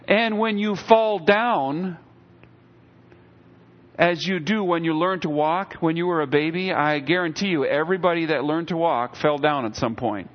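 Middle-aged male pastor, slightly high voice, chatty preaching with acted-out asides, dull lo-fi recording. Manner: conversational preaching with acted-out quotes. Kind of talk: sermon.

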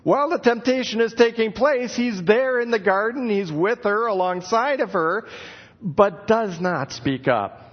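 A man's voice: high voice, measured pace, breathy edge. A middle-aged man preaching a sermon, telling stories and acting out the calls in his passage. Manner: expressive storytelling, acts out calls of "where are you". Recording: dull lo-fi sound.

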